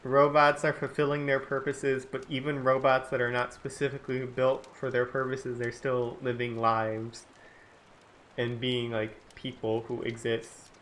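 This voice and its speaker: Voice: medium pitch, completely flat delivery, unhurried, a bit bright, a little hiss or hum. A streamer thinking aloud during a casual writing stream, talking in loose, rambling sentences full of "like" and restarts. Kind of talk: casual live-stream chat while writing.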